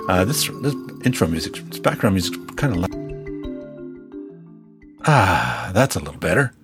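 A man's voice: deep voice, very animated, normal speed, over music. A man hosting his podcast in a chatty, rambling, joking way. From Canada. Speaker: podcast host. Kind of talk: casual podcast chat.

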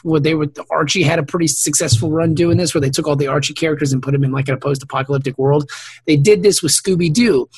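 A man's voice: fairly high pitch, gravelly, breathy edge, no echo. A man hosting a casual podcast chat, rambling with lots of fillers and frequent laughter. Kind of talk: casual chat about comics and TV.

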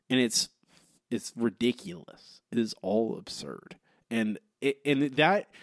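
A man co-hosting a podcast, ranting in an animated, incredulous way in casual chat. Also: mid-range voice, no echo, clean studio sound. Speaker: podcast co-host.

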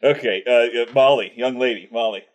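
A man voicing Skidmark, a smooth-talking male peasant adventurer, in a put-on Scottish accent, halting and full of fillers. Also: medium pitch, dull audio, close to an everyday voice. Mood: coaxing.

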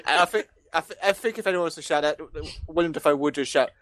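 A man's voice: fast, fairly bright tone, no room sound. A man in casual comedic chat, rambling through an absurd made-up story with his friends. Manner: rambling, pitches absurd comic scenarios.

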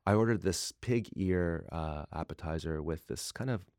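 A man's voice: sits low, moderate pace, a little mellow, dry recording, clean studio sound. A man, a chef guest on a radio show, talking with playful enthusiasm. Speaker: chef and TV judge, studio guest. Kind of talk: casual radio chat. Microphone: studio microphone.

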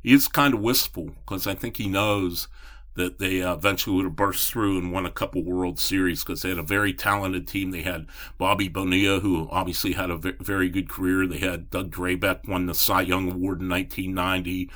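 A middle-aged man recounts old baseball memories as a reporter, circling back with fillers and restarts. His voice sits very low yet cuts through with a sharp, forceful brightness. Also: steady tone, brisk. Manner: rambling anecdotes with many restarts and fillers. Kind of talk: storytelling in a podcast interview.

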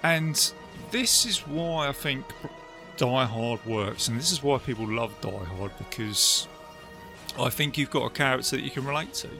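A man chatting casually as a podcast co-host about a film, lively and talkative, often acting out lines. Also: medium pitch, moderate pace, soft background music. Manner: chatty, animated, quotes film lines in put-on voices.

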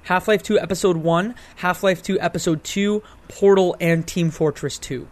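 A man's voice: high-pitched, steady tone, normal speed. A man in his twenties co-hosting a casual games podcast, self-deprecating and conversational. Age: 20s. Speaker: podcast co-host. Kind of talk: casual chat about games.

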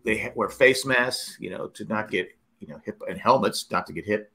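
A man's voice: on the low side, normal speed, sharp tone. A middle-aged man hosting a podcast in casual chat. He tells rambling stories and acts out quoted lines. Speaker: podcast host.

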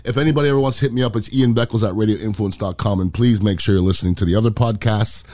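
A man's voice: fairly low pitch, racing, darkish tone, dry recording. A middle-aged man hosting a podcast, giving a blunt, impassioned opinion monologue. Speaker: podcast host.

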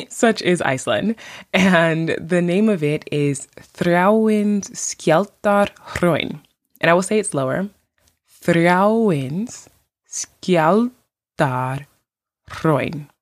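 Chatty low-voiced woman podcast host. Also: no echo. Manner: chatty, frequent "like" and "you know", laughs lightly. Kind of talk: casual podcast monologue. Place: lives in Iceland.

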